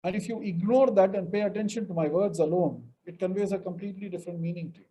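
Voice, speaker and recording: A man's voice: high voice, steady tone, quick pace, mellow, slight background noise, low-quality recording. A middle-aged man from India giving a webinar lecture on mediation, stressing words emphatically and acting out example sentences. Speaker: mediation trainer.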